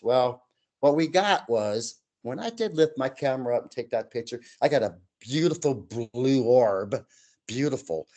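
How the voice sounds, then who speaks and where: A man telling his own eerie outdoor experiences to an interviewer, in an animated way that acts out the other people in the story. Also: mid-range voice, normal speed. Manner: animated, acts out quoted voices. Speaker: guest storyteller. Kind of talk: telling personal paranormal stories.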